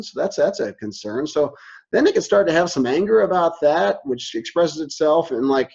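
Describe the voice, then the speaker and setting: A man's voice: on the high side, expressive, normal speed, creaky, a little mellow, breathy edge. A middle-aged man, a university instructor, giving a recorded lecture in a conversational way and acting out people's reactions in quoted lines. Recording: dull lo-fi recording.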